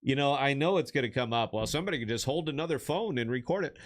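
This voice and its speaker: A man's voice: mid-range voice, lively intonation, fast talker. A man hosting a live podcast stream, chatting casually and rambling with restarts. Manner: rambling, restarts often, bursts into shouting laughs. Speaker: podcast host.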